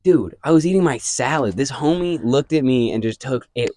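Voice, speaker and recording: A young man co-hosting a casual podcast, telling stories in an animated way and swearing often. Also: medium pitch, moderate pace, no room sound. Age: young adult. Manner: animated storyteller, swears a lot. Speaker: podcast co-host. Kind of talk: casual chat.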